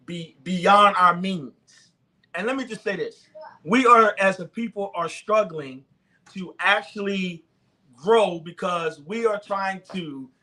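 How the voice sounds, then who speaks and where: High-voiced fervent man preaching. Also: pushed and bright. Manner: fervent, repetitive, preaching cadence. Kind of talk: sermon-style talk to the camera.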